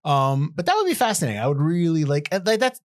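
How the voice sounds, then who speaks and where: A man co-hosting a podcast, chatting about a film and teasing his co-host with quick jokes. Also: fairly high pitch, wildly swooping pitch, no room sound, studio quality. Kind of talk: casual film discussion.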